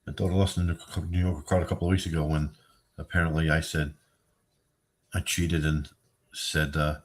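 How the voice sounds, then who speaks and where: Middle-aged New streamer, deep voice, tired, salty, wisecracking. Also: male voice, flat delivery, fairly quick. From New York. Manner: profane, wisecracking, easily amazed. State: tired, yawning. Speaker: streamer chatting with viewers. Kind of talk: casual chat.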